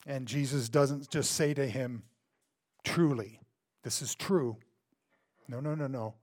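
A male pastor with a mid-range voice preaches slowly, repeating words to drive his points home. His delivery swings between loud bursts and hushed asides.

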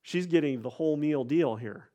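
A man's voice: a little high, normal speed, warm tone. A man preaching a sermon in an earnest way, often restarting and repeating words as he goes.

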